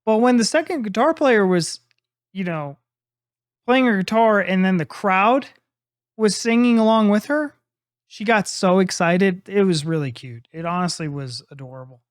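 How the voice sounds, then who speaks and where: Rambling, excited male drummer reacting. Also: high voice, moderate pace, no echo, clean studio sound. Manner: enthusiastic, rambling, admits he is ranting; loose and talkative, full of fillers like "you know" and "like". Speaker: drummer reacting to a live music video. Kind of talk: casual reaction commentary.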